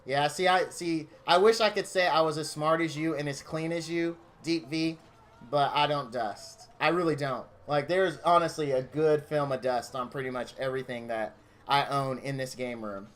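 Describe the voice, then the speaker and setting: A man's voice: on the high side, moderate pace, a bit bright. A man streaming from his home game room, chatting casually with viewers in a gushing, openly emotional, rambling way.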